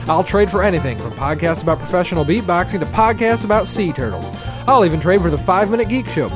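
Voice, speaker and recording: A man voicing a pushy male used-car salesman in a mock radio ad, with a booming hard-sell delivery. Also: animated, fast, over music.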